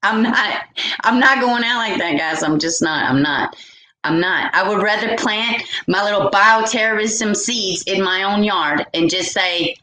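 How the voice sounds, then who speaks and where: A woman rants to her viewers in an exasperated, profane rush, circling back over the same points again and again. Her voice rings out in a bare, echoey room, and her pitch sits in an ordinary middle range. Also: moderate pace, bright, forceful tone. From United States. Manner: exasperated, profane, repetitive ranting. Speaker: vlogger. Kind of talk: ranting commentary to camera.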